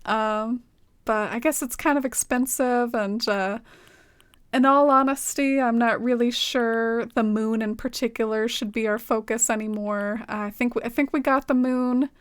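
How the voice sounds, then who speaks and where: A woman's voice: on the high side, steady tone, a little slow, clean tone, dry recording, studio quality. A woman streaming a game, chatting casually and rambling, often saying "like". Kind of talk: casual live-stream chat.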